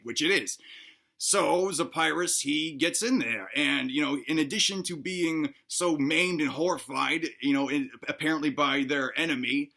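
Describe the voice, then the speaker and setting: A man's voice: on the high side, normal speed, gravelly, bright, forceful tone. A man retelling an ancient history story in a casual, profane, joking way, briefly putting on voices for the figures he quotes. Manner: profane, irreverent, mocking the listener.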